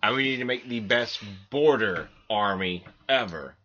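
Man, podcast host, bright forward voice, jokey, stumbling restarts, slightly dull recording. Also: lowish voice, expressive, normal speed. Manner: joking, trailing off, stumbling restarts. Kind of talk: casual podcast chat.

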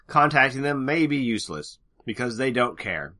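A man's voice: mid-range voice, expressive, moderate pace, bright, forceful tone. A man co-hosting a podcast, reading gun news in casual chat with sarcastic, joking asides. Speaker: podcast co-host.

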